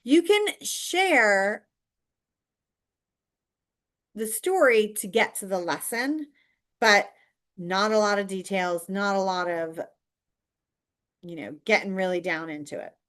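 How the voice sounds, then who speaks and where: A woman's voice: medium pitch, animated, a little slow, a bit bright. A woman coaching viewers directly in a chatty, emphatic way, teaching how to stand out online.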